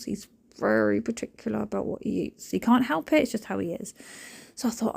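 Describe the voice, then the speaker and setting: Husky chatty woman. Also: mid-range voice, fast. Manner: animated, rambling, jokey asides. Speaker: cleaning vlogger. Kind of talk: chatty voiceover.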